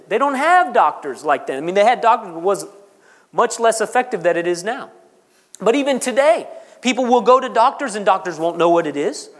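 A man preaching a sermon, repeating phrases for emphasis and pausing dramatically. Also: high-pitched. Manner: repetitive, emphatic delivery with dramatic pauses. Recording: long reverb of a large hall.

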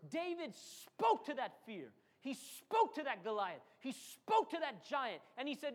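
A man's voice: extremely high pitch, wildly swooping pitch, a little slow, few pauses. A man preaching a sermon as pastor, acting out quotes and calling for amens from the congregation. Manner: preaching with dramatic acted quotes and call-and-response.

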